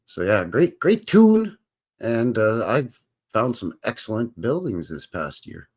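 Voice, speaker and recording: A man's voice: fairly low pitch, sing-song, slow pace, a little mellow. Canadian male livestream host, loose and jokey, with a voice that swings up and down. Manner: rambling and jokey, tags lines with "eh, buddy". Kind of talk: casual livestream chat.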